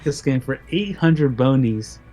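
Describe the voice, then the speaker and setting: A man's voice: mid-range voice, animated, a little slow, warm tone. A young man telling a rambling story in casual chat as a podcast co-host. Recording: music behind the talk.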